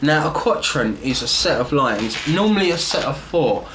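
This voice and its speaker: A man's voice: medium pitch, expressive, moderate pace, fairly bright tone, slight background noise. A man giving a casual, chatty lesson in a homemade video, self-deprecating and loose, with plenty of fillers and restarts. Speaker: video tutor. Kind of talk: casual instructional vlog.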